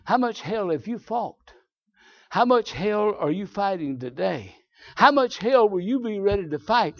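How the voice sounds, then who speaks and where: A man with a Southern US accent preaching a sermon, telling folksy stories and swinging from low asides to shouted high points. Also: big pitch swings, measured pace. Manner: folksy storytelling. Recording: dull lo-fi sermon recording.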